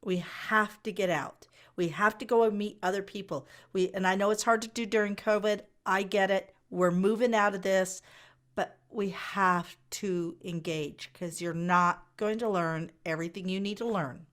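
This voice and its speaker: A woman's voice: medium pitch, steady tone, moderate pace, a bit bright. A woman hosting a podcast who sounds enthusiastic, talks straight to her listeners and asks her guest questions. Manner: enthusiastic, addresses listeners directly. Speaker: podcast host. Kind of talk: casual interview.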